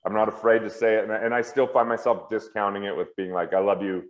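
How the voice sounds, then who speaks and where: A man as an interview guest at home, talking earnestly and candidly in quick heartfelt bursts. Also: fairly low pitch, steady tone. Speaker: guest, financial author and comedian. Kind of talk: earnest reflective conversation. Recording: roomy, slightly dull sound.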